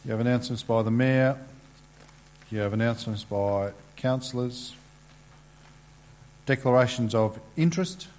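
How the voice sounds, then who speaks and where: Halting man chairing a meeting. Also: medium pitch, a little mellow. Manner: halting, filler-heavy procedural reading.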